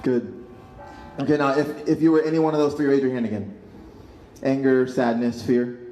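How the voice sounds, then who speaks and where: A man leading a protest crowd through a calm, guided emotional exercise. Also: mid-range voice, faint music behind. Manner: calm, coaching, measured. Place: outdoor street protest. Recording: echoey outdoor PA, crowd behind.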